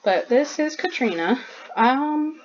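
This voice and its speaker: A woman's voice: high-pitched, expressive, slow, highs cut off, a little hiss or hum. A woman artist chatting casually while showing her sketchbook drawing, bubbly and full of "like" fillers.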